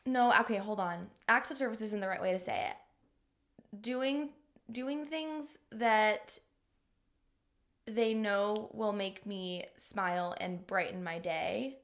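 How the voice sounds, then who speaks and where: A woman's voice: medium pitch, takes it slowly, fairly bright tone. Young adult woman, podcast co-host; emotional, filler-heavy storyteller in an average register. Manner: chatty, emotional storytelling full of "like". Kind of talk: casual chat.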